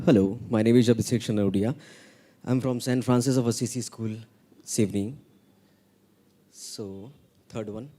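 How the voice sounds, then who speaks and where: A man's voice: mid-range voice, steady tone, measured pace, long pauses, warm tone. A man, a teacher, carefully reciting a tongue twister at an event.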